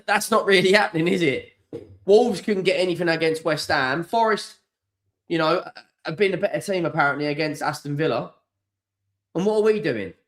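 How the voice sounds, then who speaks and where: A man's voice: a little high, a bit bright. A man hosting a live football watchalong stream, ranting in exasperation and swearing freely.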